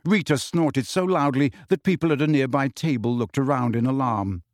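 A man's voice: medium pitch, moderate pace, dry recording, studio quality. A man reading a novel aloud as narrator. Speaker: audiobook reader. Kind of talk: scripted narration.

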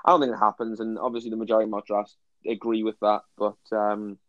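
Low-voiced British man, dry close sound. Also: fast talker, no room sound, lo-fi sound. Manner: animated, stumbling restarts. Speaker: podcast co-host. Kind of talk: casual football chat.

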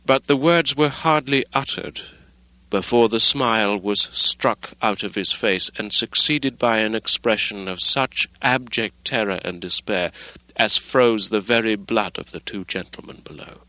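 Bright-toned male audiobook narrator. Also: on the low side, measured pace, dry recording, low-quality recording. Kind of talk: audiobook reading.

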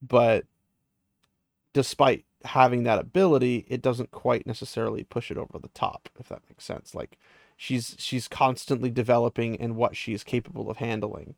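A man with a gravelly, creaky voice rambles through a fantasy book recap, full of "like" and "um". The sound is dry and close, with no room around it. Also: mid-range voice, fairly even intonation, moderate pace, dry recording. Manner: rambling, many fillers and restarts.

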